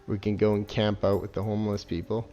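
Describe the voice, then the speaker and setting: A lowish, warm male voice with level intonation moves at a quick pace over soft background music. He's a gameplay reviewer delivering casual, sarcastic commentary as he plays, swearing constantly and letting out mocking laughs.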